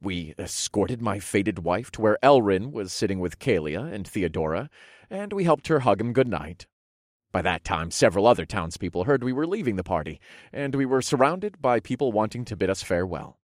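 A man narrating a first-person fantasy audiobook with expressive storytelling, softening for intimate moments. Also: lowish voice, moderate pace, dry recording, studio quality.

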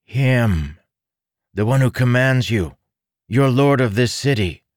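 A man's voice: medium pitch, lively intonation, slow, dry recording, clean studio sound, voice pushed up. A man voicing an earnest young male adventurer who talks with insistent confidence. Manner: insistent, confident, a little conspiratorial.

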